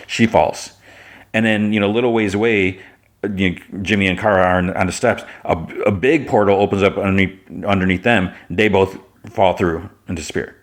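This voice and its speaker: A man hosting a podcast, casually retelling an episode with plenty of filler words. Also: on the low side. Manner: rambling, filler-heavy retelling. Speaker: podcast host.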